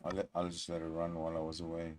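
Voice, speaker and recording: A man's voice: deep voice, monotone, rapid-fire, a little mellow. A man hosting a reaction video, making sarcastic casual commentary and heckling the clip he plays.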